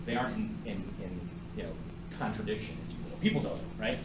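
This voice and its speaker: A man's voice: fairly low pitch, fast talker, noisy background. A man teaching a math class in a classroom, joking around and asking students many questions. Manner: jokey and playful, asks the class many questions. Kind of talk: classroom lecture. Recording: echoey classroom with faint ambience.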